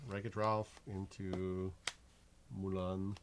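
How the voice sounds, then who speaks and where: A man's voice: low-pitched, flat delivery, slow pace, background noise. Chatty middle-aged man narrating card plays. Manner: chatty, laughs easily, narrates his plays. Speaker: stream co-host and card game player. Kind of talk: casual chat while playing a card game.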